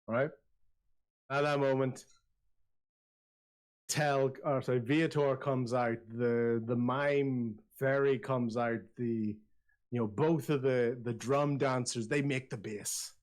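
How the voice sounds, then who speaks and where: A man's voice: medium pitch, measured pace. Man narrating as game master. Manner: lively storytelling with frequent restarts.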